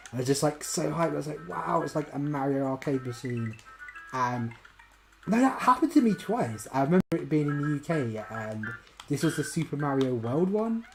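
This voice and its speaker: A woman streaming a video game as a VTuber, chatting in a rambling way and breaking into sudden loud exclamations. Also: low voice, very animated, a little fast, soft background music, low-quality recording. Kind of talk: casual live-stream chat while gaming.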